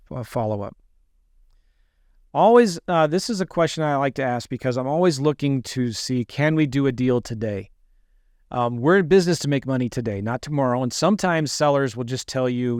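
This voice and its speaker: A man's voice: medium pitch, no echo, studio quality. A man teaching land investors a phone script for sellers, often acting out both his own lines and the seller's replies. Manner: acts out both sides of phone calls. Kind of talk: teaching a sales call script.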